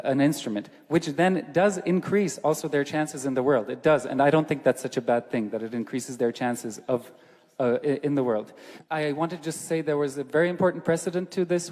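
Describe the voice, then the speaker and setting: An emphatic man argues his proposal in a public debate and keeps driving his main point home. His voice sits at a middling pitch. It carries a long, echoing hall reverb. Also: darkish tone. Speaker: debate speaker presenting a proposal. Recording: echoey hall.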